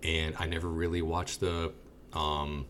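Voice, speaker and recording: A man's voice: a bass voice, level tone, unhurried, a bit bright, a little hiss or hum. A man in casual conversation, easygoing and agreeable, swearing now and then. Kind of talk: casual chat.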